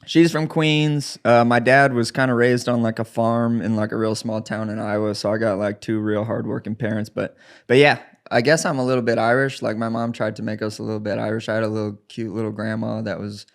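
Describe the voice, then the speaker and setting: An American man in his thirties talks casually as a podcast guest. His voice sits a bit low, and he rambles modestly, hedging every claim with fillers. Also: flat delivery, a little fast. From United States. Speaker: guest fighter. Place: podcast studio.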